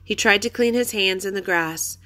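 A woman reading a children's chapter book aloud with clear, expressive storytelling. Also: mid-range voice, moderate pace. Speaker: reader.

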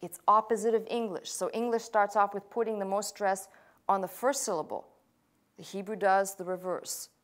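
A woman's voice: medium pitch, a bit bright. A woman teaching a language class as a pastor, in a mid-range voice. She walks through each point patiently and methodically. She drops in casual, self-deprecating asides along the way. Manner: patient, explaining step by step with asides.

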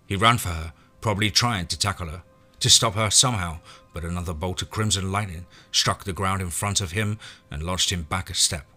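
A man reading a western horror story aloud in first person, steady and dramatic. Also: deep voice, brisk, soft background music. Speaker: narrator.

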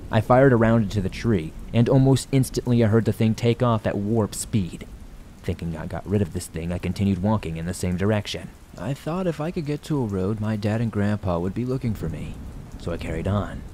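A man tells a first-person horror story in a measured, steady way, his voice low and mellow. Now and then he lifts it into a yell. Faint rain patters behind the recording. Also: slight background noise. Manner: calm, measured storytelling with sudden raised yells.

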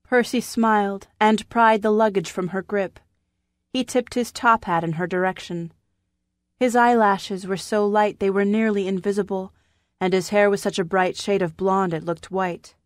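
A woman narrating a historical novel audiobook in a measured, even storytelling manner. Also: mid-range voice, no echo, studio quality. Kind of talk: scripted narration. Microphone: studio microphone.

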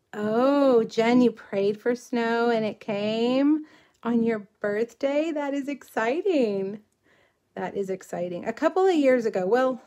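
A middle-aged woman from South Texas with a drawl hosts a crafting livestream, chatting casually, rambling, and reading out viewer comments. Her voice is a little high and warm in tone.

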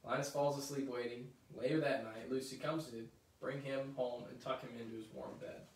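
Guy reading a kids' book out loud, chatty asides, echoey room, mic kinda far. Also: mid-range voice, fairly even intonation, normal speed. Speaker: story reader. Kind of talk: reading a children's book aloud. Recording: roomy echo, mic at a distance.

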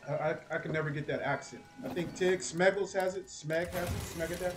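A man doing casual, excitable gameplay commentary as a streamer, chatty and cursing at enemies. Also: a little high, a little fast, background noise. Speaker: gaming streamer.

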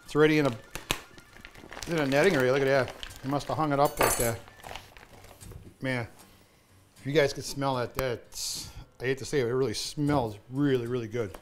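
A man's voice: mid-range voice, steady tone, moderate pace, pauses often, background noise. A man talking casually to the camera while cooking in his home kitchen, chatty and often addressing the folks watching. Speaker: home cook in sponsor segment.

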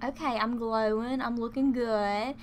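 A woman's voice: fairly high pitch, fairly even intonation, measured pace, slight background noise. A young woman giving casual, chatty commentary while playing a life-simulation game, giggling often and calling her viewers "y'all". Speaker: gaming YouTuber. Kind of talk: casual let's-play commentary.

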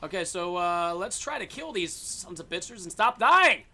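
A man giving excited, casual commentary on his own gameplay, swearing and yelling at the game. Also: high voice, moderate pace, soft background music. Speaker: gaming video host.

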